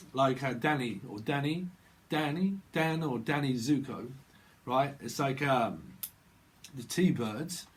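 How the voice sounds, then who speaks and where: A man with a British accent giving a rambling, free-associating tarot reading, laughing often and dropping into silly voices. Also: a little high. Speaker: tarot reader.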